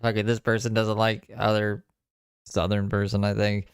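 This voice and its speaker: Man, casual stream commentary, rambling, jokey, smooth voice, dry. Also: lowish voice, little pitch movement, moderate pace, no room sound. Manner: rambling, joking, trails off.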